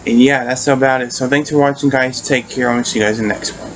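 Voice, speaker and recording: A man talks through an episode review in a loose, rambling way, stopping and restarting his sentences as he goes. His pitch sits in an ordinary middle range, and he swears offhandedly. Faint ambient noise hums behind him. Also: fairly even intonation, fast, poor audio. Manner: rambling retelling, many fillers and restarts, casual swearing. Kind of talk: casual video review.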